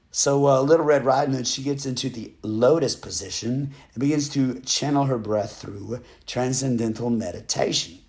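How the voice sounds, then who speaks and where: A man's voice: medium pitch, normal speed, hardly any pauses, darkish tone. A man telling a fairy tale as a comic folksy story, rambling with digressions and joking asides.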